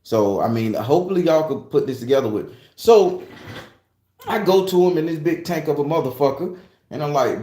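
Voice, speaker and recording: A man's voice: medium pitch, normal speed. A man casually retelling a dream, rambling and swearing freely as he acts out what happened. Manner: profane, rambling, animated retelling. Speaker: tarot reader sharing a dream. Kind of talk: casual storytelling. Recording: echoey room.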